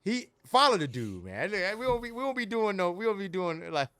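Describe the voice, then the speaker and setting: A man's voice: sits high, sing-song, brisk, a bit bright, clear, resonant tone, no echo. A man co-hosting a sports podcast, talking loosely and animatedly with slang and frequent laughs. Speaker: podcast co-host. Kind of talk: casual sports podcast chat.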